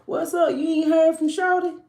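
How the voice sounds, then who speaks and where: A woman's voice: extremely high pitch, steady tone, moderate pace, darkish tone, voice pushed up. Woman doing a sly two-faced guy friend, slangy, stammering, fishing for gossip, roomy echo. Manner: casual slangy street talk, stammering restarts.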